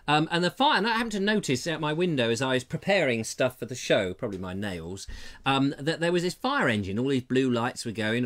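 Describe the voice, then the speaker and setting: A man's voice: mid-range voice, fairly bright tone. A man hosting a live comedy talk show from his house, talking with playful, theatrical asides to his audience. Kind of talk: live-streamed comedy chat. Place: terraced house, indoors.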